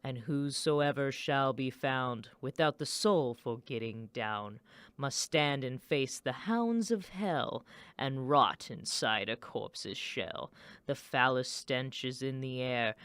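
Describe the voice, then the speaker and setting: Radio host impersonating a spooky older male narrator, slow, low, drawn-out, crisp bright tone, dry sound. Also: no echo.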